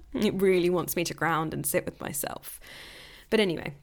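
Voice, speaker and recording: A woman's voice: lowish voice, normal speed, gravelly. A young woman hosting her own podcast, talking candidly in a casual monologue and laughing often. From England. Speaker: podcast host.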